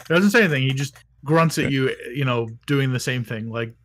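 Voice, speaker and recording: A man's voice: medium pitch, a bit bright. A man narrating casually as game master, rambling with lots of fillers and restarts.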